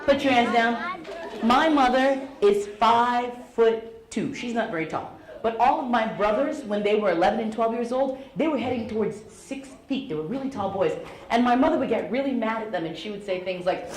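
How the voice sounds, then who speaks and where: In a school hall with a faint crowd, roomy echo, and light background noise, a middle-aged woman storyteller entertains schoolchildren. Her voice is on the high side and moderately paced, her delivery playful and animated.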